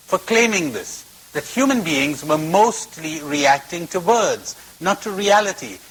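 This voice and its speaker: Recorded on old tape with poor audio, a man with a slightly high, fairly bright, breathy voice gives a spiritual talk to a retreat audience. He tells stories, varying his emphasis and repeating phrases to drive points home.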